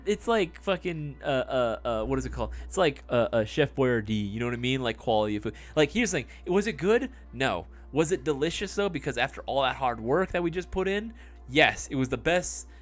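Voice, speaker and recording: A man's voice: a little high, expressive, a little fast, fairly bright tone, soft background music. A young man telling a story on a live stream in a rambling, casual way, with lots of fillers and swearing.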